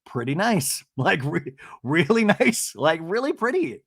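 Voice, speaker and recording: A man's voice: fairly high pitch, big pitch swings, unhurried, a bit bright. A man hosting a podcast, recapping a reality TV episode in a gossipy, profane, self-mocking way. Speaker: podcast host.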